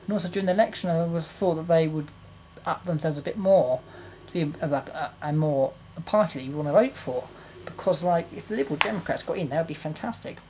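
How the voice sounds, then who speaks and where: A young woman vlogger rants to camera about politics, exasperated and repetitive, with some swearing. Her voice is deep and dark-toned, she talks fast, and there's a slight hiss or hum.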